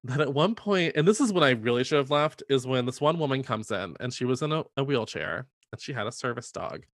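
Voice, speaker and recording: A man's voice: mid-range voice, expressive, brisk, a bit bright, no room sound, clean studio sound. A young man casually telling a long personal story, full of fillers and quotes he acts out. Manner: chatty, full of "like" and acted-out quotes. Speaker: podcast co-host telling a story.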